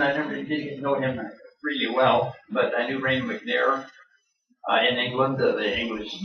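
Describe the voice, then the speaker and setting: A man in his seventies, a pastor from Canada, preaching a sermon with folksy joking asides. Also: mid-range voice. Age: 70s. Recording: roomy hall, distant mic, dull sound.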